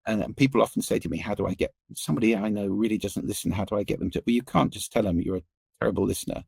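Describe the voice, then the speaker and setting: A middle-aged man, a podcast guest, explaining listening and voice in an animated, expressive way that shifts pace and pitch for emphasis. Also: rapid-fire, creaky, breathy edge, no room sound. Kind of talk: interview conversation.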